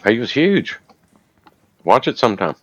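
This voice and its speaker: A man's voice: medium pitch, big pitch swings, unhurried, no echo, highs cut off. A man casually retelling a story while gaming, rambling and profane. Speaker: gamer recounting a news video.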